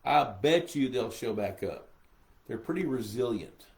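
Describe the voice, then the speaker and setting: A man's voice: medium pitch, animated, measured pace. An older man hosting a live pond management Q&A, rambling and a bit sleepy as he reads viewers' questions aloud. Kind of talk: casual live-stream Q&A.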